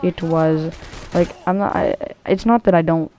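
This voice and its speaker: A woman's voice: fairly low pitch, fairly even intonation, moderate pace, dark tone. A woman giving casual, rambling commentary over a shooter match, swearing freely and full of ums and restarts. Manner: rambling, profane, many fillers and restarts. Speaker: gameplay commentator.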